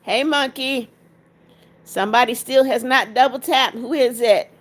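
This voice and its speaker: A woman's voice: a little high, measured pace, fairly bright tone. A woman hosting a casual livestream, greeting viewers by name, reading their comments aloud and coaxing them to tap likes. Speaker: livestream host.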